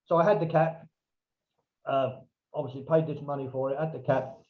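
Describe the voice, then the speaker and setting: A man tells a long casual anecdote as a podcast guest, bringing in other people's lines in lively, raised voices. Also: mid-range voice, moderate pace. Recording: dull, lo-fi remote audio.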